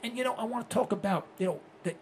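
A man's voice: very high-pitched, quick pace, slight background noise. A man in his sixties hosting a rambling, blunt talk radio monologue. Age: 60s. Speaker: host.

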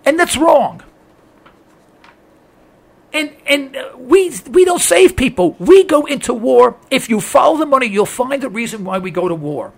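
A man's voice: very high voice, sing-song, measured pace, vocal fry. A man hosting a political talk radio show, speaking with impassioned emphasis and often restarting his phrases as he presses a point.

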